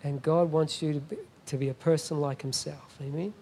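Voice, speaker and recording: A man's voice: a little high, steady tone, a little fast, dark tone, a little hiss or hum. A middle-aged man preaching a sermon as a guest pastor, emphatic and often asking the congregation "Amen?".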